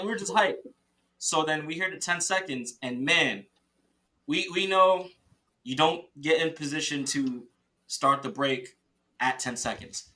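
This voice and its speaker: A man tells a long story on a podcast in a casual, excited way. His voice is bright and sits a little high, and he often stops and restarts his sentences. He breaks into laughs and quick impressions of his teammates as he goes. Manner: quotes teammates in lively voices. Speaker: podcast guest, paintball player.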